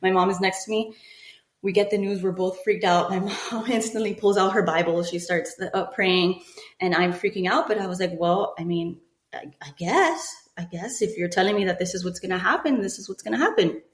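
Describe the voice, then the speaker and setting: As a guest on a podcast, a woman in her thirties animatedly recounts something that happened to her, voicing the people involved. Her pitch is medium, her speed normal, and there's echo from the room.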